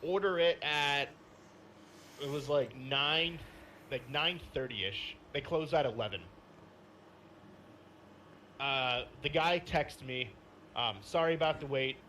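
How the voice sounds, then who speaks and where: A man co-hosting a gaming podcast, telling a story in casual chat, animated and swearing freely. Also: mid-range voice, slow pace, long pauses, a little hiss or hum. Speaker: podcast co-host.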